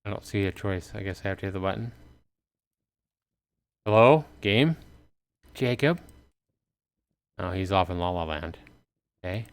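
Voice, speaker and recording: Low-voiced man streaming a game. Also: lively intonation, measured pace, pauses often, smooth. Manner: chatty, reads game lines aloud. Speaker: gaming livestreamer. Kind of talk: casual let's-play commentary.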